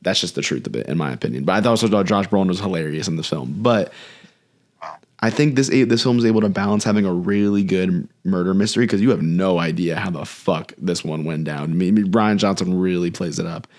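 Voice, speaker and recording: A man's voice: sits low, a little fast, darkish tone. A man co-hosting a movie podcast, talking in a thoughtful, earnest way in full sentences. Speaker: podcast co-host. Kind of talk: casual chat about movies.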